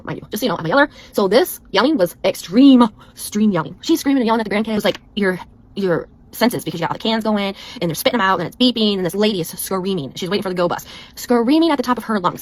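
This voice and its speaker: Fast, chatty middle-aged woman vlogger. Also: mid-range voice. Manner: rambling, chatty, exasperated. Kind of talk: casual storytelling chat.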